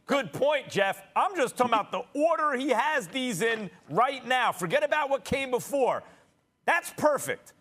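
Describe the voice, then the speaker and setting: A male sports analyst giving a measured, even-handed take. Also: very high voice.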